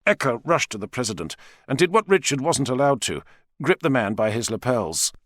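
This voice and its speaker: A man narrating an audiobook in an expressive, dramatic style. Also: mid-range voice, fairly quick, dry recording, clean studio sound. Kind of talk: scripted narration.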